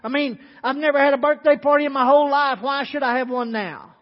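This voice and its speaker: A man's voice: very high-pitched, normal speed, pitched above the performer's own voice. A man voicing a lonely, downtrodden woman who talks in a hesitant, apologetic way. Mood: hurt. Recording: dull sound with long hall reverb.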